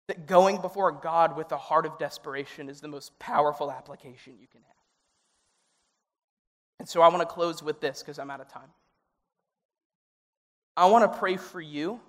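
Preaching in a hall with noticeable reverberation, this youth pastor, a young adult man, has a high voice and a moderate pace broken by long pauses. The sermon starts conversational and earnest, then becomes emotional and pleading.

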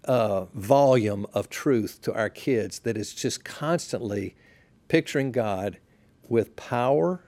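A man, a pastor, talking as a podcast guest in a relaxed, reflective way, sharing stories unhurriedly and often restarting his sentences. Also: medium pitch, slow pace, no room sound. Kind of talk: relaxed conversational storytelling.

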